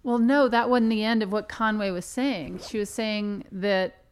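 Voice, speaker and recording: A woman co-hosts a relaxed podcast chat in a smooth, resonant voice. She sounds playfully defensive as she argues over theories with her friend. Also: mid-range voice, measured pace. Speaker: podcast co-host. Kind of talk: casual chat.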